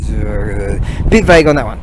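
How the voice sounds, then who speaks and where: A man's voice: on the low side, expressive. Rambling, swearing man outdoors in wind. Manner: halting, swears freely, loses his train of thought. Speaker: vlogger. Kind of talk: rambling storytelling on a walk. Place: outdoors on a cold walk. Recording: loud wind noise on outdoor mic.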